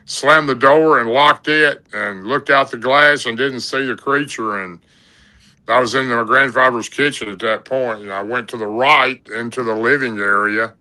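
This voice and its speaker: A man with a drawl spins a long story in a loose, folksy way, stringing his sentences together with "and, uh". His voice is strikingly bright and forceful, sitting at an ordinary male pitch. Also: normal speed, low-quality recording. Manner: rambling, folksy, lots of "and, uh". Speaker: podcast guest telling an encounter story. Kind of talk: casual storytelling.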